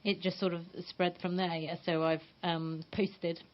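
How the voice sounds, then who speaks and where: Hesitant woman guest, low voice. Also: flat delivery. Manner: hesitant, halting with many fillers. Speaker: guest blogger. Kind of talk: radio interview answers. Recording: dull lo-fi radio recording.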